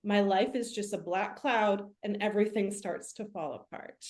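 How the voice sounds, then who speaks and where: A woman, a medium and spiritual teacher, tells a story in a lively, casual way over a video call, with many "like" fillers. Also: mid-range voice, normal speed, a little hiss or hum.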